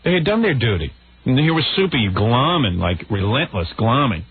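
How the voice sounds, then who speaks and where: A man's voice: mid-range voice, big pitch swings, moderate pace, breathy edge. A man hosting a radio show, brash and irreverent, laughing through casual banter. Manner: brash, irreverent, laughs at his own stories. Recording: tinny phone-like radio broadcast.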